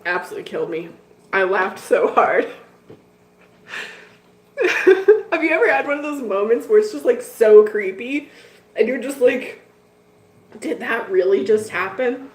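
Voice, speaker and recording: A woman's voice: on the high side, lively intonation, fairly quick. A middle-aged woman, host of a hobby channel, chatting casually with viewers as she tells a story, laughing often. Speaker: betta fish channel host. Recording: echoey room.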